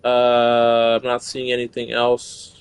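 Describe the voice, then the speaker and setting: A young man streaming a video game, swearing excitably and reading in-game notes aloud. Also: medium pitch, slow pace, smooth, no echo. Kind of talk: casual live gameplay commentary.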